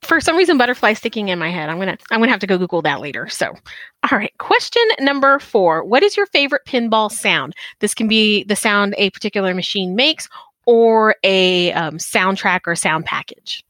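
A woman hosting a podcast interview, lively and bubbly, reading out questions and reacting eagerly. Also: medium pitch, no echo. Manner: lively, bubbly, quick to laugh. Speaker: podcast host. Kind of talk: casual interview.

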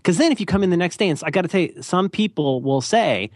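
Lively, rambling podcast man, dry sound. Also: on the high side, quick pace, no room sound. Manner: rambling, jokey, self-deprecating. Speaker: podcast co-host. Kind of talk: casual podcast chat.

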